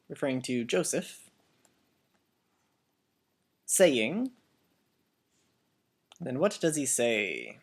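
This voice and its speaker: A teacher giving a Biblical Greek lesson as a voice-over, speaking deliberately and repeating each word so learners can copy it. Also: medium pitch, very animated, creaky, slightly rough. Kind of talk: slow instructional voice-over.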